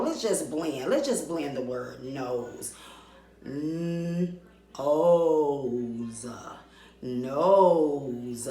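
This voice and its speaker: Woman teacher, unhurried, stretches vowels for little kids; roomy echo. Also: low-pitched. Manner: slow, drawn-out sounding of vowels with questions to the class. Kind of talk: recorded reading lesson for young children. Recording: echoey room.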